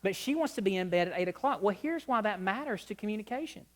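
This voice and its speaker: A man's voice: high voice, quick pace. Storytelling man preaching on marriage. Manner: lively storyteller, acts out both sides of dialogues. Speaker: conference speaker on marriage. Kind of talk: humorous church conference talk. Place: church sanctuary before a live audience.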